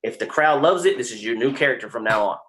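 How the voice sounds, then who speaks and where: A man from Texas talks fast in a bright, forward voice. He tells his stories with lots of energy and acts out the other people in them. The talk is loose, with plenty of swearing. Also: medium pitch, slight background noise. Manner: animated storyteller, acts out other people's lines, swears freely. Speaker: guest, creator of the wobble dance and wrestler. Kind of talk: casual podcast storytelling.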